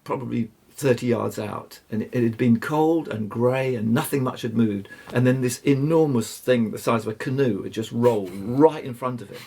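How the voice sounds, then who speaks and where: An older man, telling rambling fishing stories as a guest, halting and restarting often. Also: medium pitch, dark tone. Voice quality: gravelly, husky. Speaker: guest angler. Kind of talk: anecdotal storytelling.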